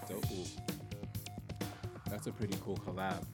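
A man's voice: low voice, flat delivery, unhurried, soft background music. A man co-hosting a radio chat show, laid-back and chiming in with short reactions. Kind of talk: casual chat.

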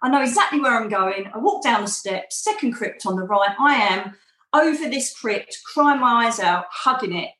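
A woman's voice: a little high, expressive, moderate pace, fairly bright tone, reverberant, low-quality recording. A woman being interviewed, telling a personal story in a chatty way and acting out the dialogue. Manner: chatty, acts out quoted dialogue. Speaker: interview guest.

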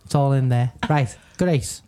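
A man's voice: medium pitch, unhurried, warm tone, slight background noise. A man co-hosting a casual podcast as quiz master, teasing the others and laughing often. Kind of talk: casual chat.

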